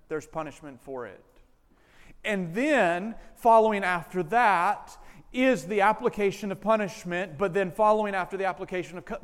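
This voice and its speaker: A male pastor preaching a sermon, animated and acting out family members' lines. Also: high voice, smooth, big-room sound. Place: church sanctuary.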